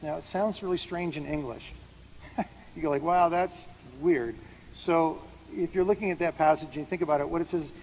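A male pastor preaching in a big hall, his voice carrying a long reverb tail with a faint hiss behind it. He talks conversationally, asks the congregation questions and answers them, and his pitch sits a little above average for a man. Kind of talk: sermon. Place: large hall with an audience.

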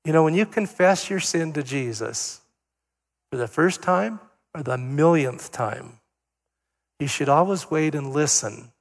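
A man's voice: fairly high pitch, expressive, takes it slowly, long pauses. An older man preaching a sermon as pastor, in a conversational, story-telling way with fillers. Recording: long hall reverb.

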